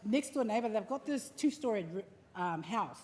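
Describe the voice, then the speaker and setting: Animated New Zealand woman in a hall. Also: fairly high pitch, normal speed, breathy edge. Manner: animated, acts out the story with lively asides. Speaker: family member speaking at a memorial service. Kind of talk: personal storytelling. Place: large hall at a live-streamed service. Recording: echoey hall with faint background noise.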